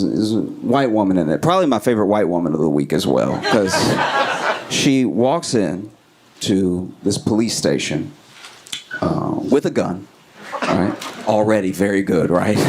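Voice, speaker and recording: A man performing an animated stand-up comedy set on a club stage, acting out the people in his stories. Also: a little slow. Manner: animated storytelling, acting out voices, pitch swings up and down. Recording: live club recording with clear audience noise. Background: audience laughter.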